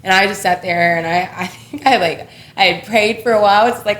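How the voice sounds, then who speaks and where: A woman's voice: mid-range voice, fairly quick, hardly any pauses, a bit bright, a little hiss or hum. A young woman speaking as an interview guest, open and reflective, with easy laughs and plenty of fillers. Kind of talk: candid personal conversation. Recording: roomy echo.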